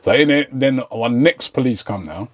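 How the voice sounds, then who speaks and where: A man's voice: mid-range voice, animated, normal speed, dry recording. A man telling a story in casual chat, acting out quoted lines in slangy talk. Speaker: podcast guest.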